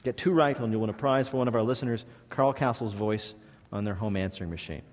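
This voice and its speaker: A man hosting a radio quiz show, brisk and scripted as he sets up the game. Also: fairly low pitch, darkish tone, big-room sound.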